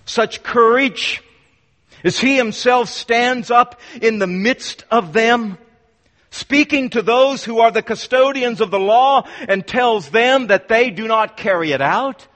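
A man's voice: very high-pitched, slow, fairly bright tone. A man preaching a sermon to his congregation, emphatic and repeating words for force. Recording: long hall reverb.

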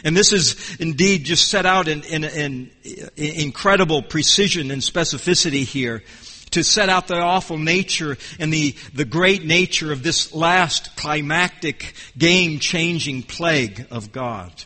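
A man's voice: fairly high pitch, sharp tone. Emphatic preacher man in reverberant hall. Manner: emphatic, repeating key phrases with deliberate pauses. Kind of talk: expository sermon.

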